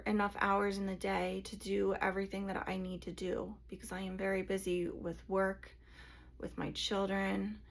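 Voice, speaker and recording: A woman channeler and energy healer speaking to her viewers in an emotional, confessional vlog, hushed and sighing as she talks. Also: mid-range voice, vocal fry.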